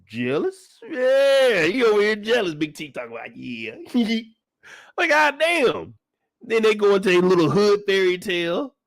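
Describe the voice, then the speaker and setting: A young man hosting a reaction video, loud and joking with plenty of swearing. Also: high-pitched, moderate pace, dry recording, studio quality. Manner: loud, animated, joking, profane, breaks into laughter. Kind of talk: reaction commentary.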